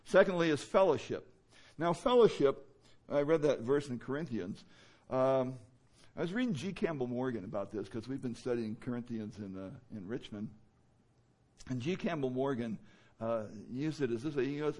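Delivering a sermon in a chatty manner peppered with fillers, this pastor occasionally breaks into loud, emphatic outbursts. He speaks at a normal pace in an expressive, medium-pitched voice.

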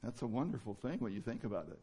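A man preaching a sermon in a conversational way, with many fillers, who now and then rises into loud, emphatic bursts. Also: mid-range voice, sing-song, fast talker, breathy edge. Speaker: pastor.

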